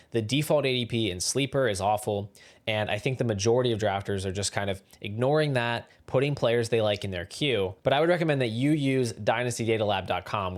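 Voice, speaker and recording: A man hosting his fantasy football channel, talking through draft advice in steady, explanatory scripted commentary. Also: lowish voice.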